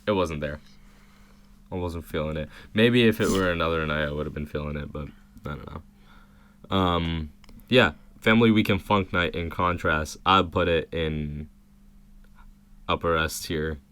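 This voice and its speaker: A young man co-hosting a podcast, relaxed and agreeable in casual chat. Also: deep voice, a little slow, long pauses, clean tone. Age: young adult. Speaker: podcast co-host.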